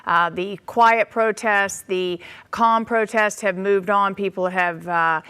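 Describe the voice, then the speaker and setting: A woman field reporter delivering a live update in a steady, declarative way. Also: mid-range voice, slow pace, smooth.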